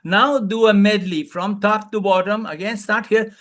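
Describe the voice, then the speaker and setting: Guy coaching over a video call, pretty high voice, loud and playful, lots of repeated commands. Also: moderate pace. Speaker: wellness coach, webinar speaker. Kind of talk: energetic live webinar coaching.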